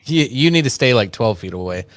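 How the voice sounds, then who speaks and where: A man's voice: mid-range voice, animated, fairly quick. A man co-hosting a casual podcast, teasing and laid-back, laughing easily. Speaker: podcast co-host.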